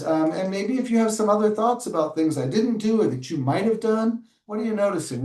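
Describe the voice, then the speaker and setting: A man, an early childhood educator, models reading a picture book aloud in a webinar, with lively asides and self-corrections. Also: fairly high pitch. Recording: roomy sound, distant from mic.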